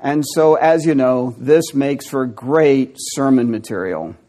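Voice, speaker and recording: A man's voice: medium pitch, takes it slowly, dark tone. A man preaching a teaching sermon, with wry asides and bursts of amusement. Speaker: pastor.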